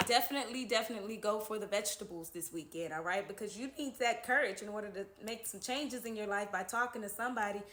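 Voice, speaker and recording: A woman's voice: mid-range voice, quick pace, few pauses, fairly bright tone. A woman giving a casual tarot horoscope reading, chatty and reassuring, often checking in with "okay?". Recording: echoey room.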